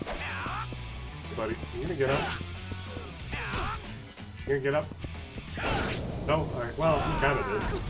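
A man's voice: medium pitch, a little slow, long pauses, over loud music. Chatty man joking over gameplay. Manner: joking, chatty, talks to the game. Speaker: streamer. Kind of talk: casual gameplay commentary.

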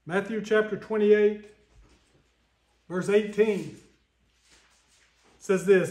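A man's voice: high-pitched, normal speed, reverberant. A man with a Southern American accent preaching a Sunday sermon, earnest and folksy, reading scripture aloud.

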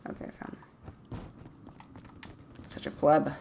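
A young man casually commentating his own gameplay at home, jokey and trash-talking with sudden loud outbursts. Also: mid-range voice, huge pitch swings, unhurried, gravelly, long pauses, a little hiss or hum. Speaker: gaming YouTuber. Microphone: desktop USB mic.

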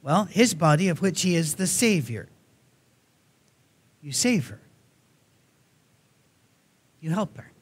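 Man, Tennessee accent, sermon, folksy and joking, fairly high voice. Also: very animated, slow, pauses often, slightly rough. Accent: Southern US, Tennessee. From Nashville area, USA. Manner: folksy and joking, with many restarts. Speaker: guest preacher. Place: church.

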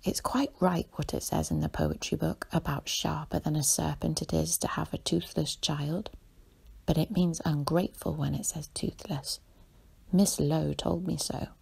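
A woman voicing a tearful, touchy young girl in a soft whispered role-play for a bedtime story. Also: deep voice, expressive, normal speed, exaggerated voice. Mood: indignant. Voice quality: husky, creaky whisper.

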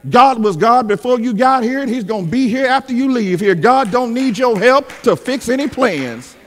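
A man delivers a sermon in a high voice that leaps up and down with feeling. He builds to shouted peaks and calls on the congregation to answer. His voice rings in a reverberant church hall. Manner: emphatic, call-and-response preaching with shouted peaks. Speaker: pastor.

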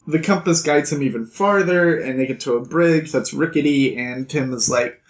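A man hosting a book vlog, recapping a story in a chatty, sarcastic, animated way. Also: fairly high pitch, normal speed, echoey room.

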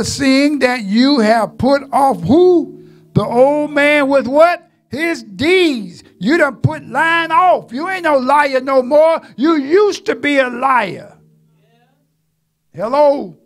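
High, gravelly-voiced preaching man. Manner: preaching with call-and-response, swinging from low asides to shouts; folksy, joking, drawls asides to the walls. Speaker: pastor. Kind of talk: sermon.

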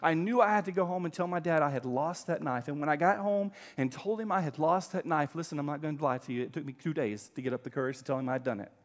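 A middle-aged male pastor preaching a sermon, telling a story with emphatic swings between loud and quiet. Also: fairly high pitch, quick pace, few pauses.

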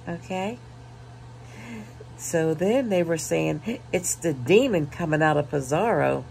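A woman vlogger casually reading viewer comments aloud, laughing and mocking, punching the quoted lines loudly. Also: fairly low pitch, animated, takes it slowly, gravelly, a little hiss or hum. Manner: laughing, mocking, reads comments with loud emphasis.

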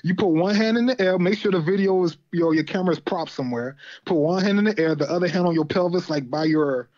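A man's voice: sits high, fast talker, a little mellow, dull audio. A man who is a guest on an interview show, chatting casually and laughing often. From Haitian community. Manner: laid-back, laughs often, retells talks in others' voices. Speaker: guest artist.

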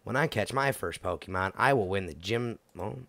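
A man's voice: on the low side, expressive, normal speed, vocal fry, a bit bright, no room sound. A man giving casual let's-play commentary, goofy and chatting to the game characters as he plays. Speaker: gameplay commentator.

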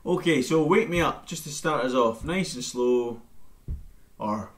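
A man giving a relaxed, chatty live-streamed bagpipe lesson from home into his camera mic. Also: medium pitch, unhurried, slight background noise. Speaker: bagpipe teacher.

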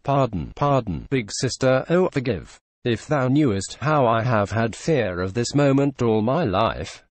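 A man voicing a dying young woman who pleads in halting, broken phrases, in a storybook reading. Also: mid-range voice, animated, no echo. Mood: pleading.

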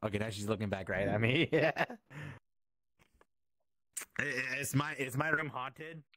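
A man streaming and chatting casually, playful and quick to laugh. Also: mid-range voice, a bit bright, no echo. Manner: playful and giggly, chatting to his cat. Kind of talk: casual chat.

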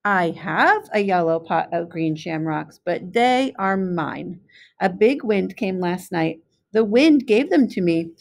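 A woman's voice: on the low side, lively intonation, slow, gravelly, full character voice. A woman voicing a polite, odd male goat in a storybook reading, courteous and matter-of-fact.

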